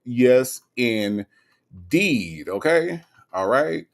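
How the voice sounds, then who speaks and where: Casting: male host, easygoing chat reader, mid pitch. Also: big pitch swings, very slow, creaky. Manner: reads viewer comments aloud, laid-back and playful. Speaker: livestream host reading chat. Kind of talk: casual chat.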